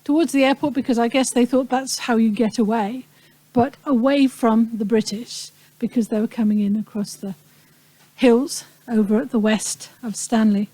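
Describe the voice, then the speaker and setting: A woman in her fifties from the Falkland Islands, telling a live audience about her wartime childhood in a reflective, pausing way with touches of humor. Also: on the high side, steady tone, mellow, low-quality recording. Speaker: speaker recounting a wartime childhood. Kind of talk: personal talk to an audience.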